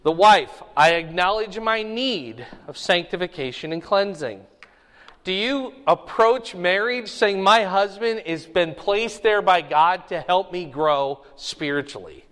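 High-voiced man preaching in a reverberant hall. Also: a little slow, a bit bright. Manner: conversational, checks in with the congregation often. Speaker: pastor. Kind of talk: sermon teaching.

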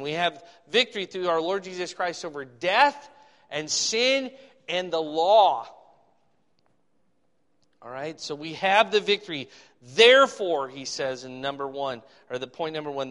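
A man preaching a sermon, reading scripture slowly and with emphasis, then explaining it in a conversational way. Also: a little high, sharp tone. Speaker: pastor. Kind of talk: expository sermon. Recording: long hall reverb.

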